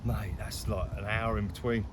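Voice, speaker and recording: A man's voice: lowish voice, steady tone, normal speed, background noise. A man chatting casually to camera while fishing outdoors by a lake, rambling, swearing freely and laughing often. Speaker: angler vlogger.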